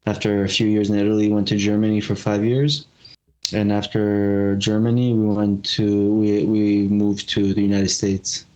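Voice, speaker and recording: A man from Bosnia and Herzegovina speaks as a podcast guest in a low, fairly flat voice. He talks casually and hesitantly, pausing and restarting his sentences. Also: rough recording. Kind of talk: casual interview talk.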